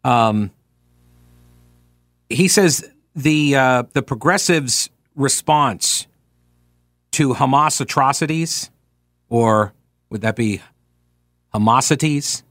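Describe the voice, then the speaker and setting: A man's voice: mid-range voice, slow, long pauses, a bit bright, no room sound, clean studio sound. A man hosting talk radio, talking casually and reading quoted passages with sarcastic asides.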